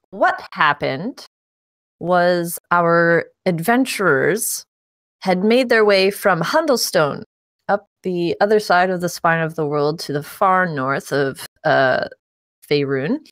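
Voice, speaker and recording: A woman's voice: fairly low pitch, lively intonation, takes it slowly, fairly bright tone, dry recording, clean studio sound. A woman hosting as dungeon master, casually recapping the game with self-deprecating jokes, frequent laughs and many fillers.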